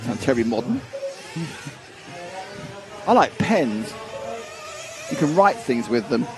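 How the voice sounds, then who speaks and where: A man's voice: medium pitch, sing-song, slow pace, over music. A man commentating live on a model car race, chatty and jokey, thinking aloud as he goes.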